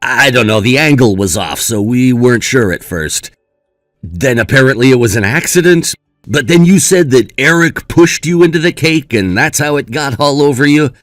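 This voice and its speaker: A man's voice: medium pitch, expressive, normal speed, dry recording, soft background music, natural voice. A man playing a young brother who comforts his sister in a reassuring, sympathetic way. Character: caring young brother, supportive and indignant.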